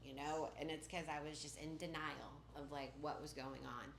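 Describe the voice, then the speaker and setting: A woman with a slightly low voice shares her recovery story in a loose, conversational way, peppering her sentences with "like" and "you know." She sounds candid and unpolished. The voice rings in a roomy, echoing space. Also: fairly even intonation, normal speed, gravelly, slight background noise. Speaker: speaker at a recovery meeting. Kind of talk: personal recovery testimony.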